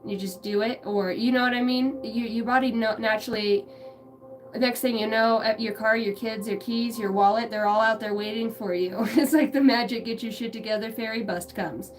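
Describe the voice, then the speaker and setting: A woman gives a loose, rambling spiritual reading outdoors on a ranch, often searching for words and swearing casually. She sits well back from the microphone, and clear music plays behind her voice. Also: a little high, fairly even intonation, moderate pace, recorded from a distance. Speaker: spiritual channeler. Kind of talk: livestream intuitive reading. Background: music, passing pickup trucks.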